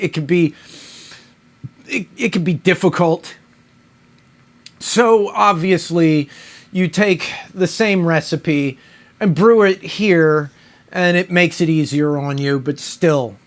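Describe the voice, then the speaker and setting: A man reviewing a beer in a casual, rambling monologue, mock-outraged and profane. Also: fairly high pitch.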